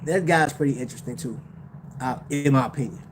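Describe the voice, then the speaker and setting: A man's voice: medium pitch, brisk, background noise. A man hosting a casual livestream about watches, talking in slang, laughing often and addressing his chat. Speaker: watch channel host.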